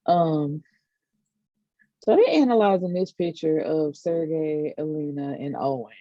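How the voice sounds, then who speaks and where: Low-ish lively woman gabbing thru a show recap, muffled dry audio, lots of slang. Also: unhurried, no echo. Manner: joking, laughing, slangy plot recap. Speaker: podcast co-host. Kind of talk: casual review chat. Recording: dull dry lo-fi recording.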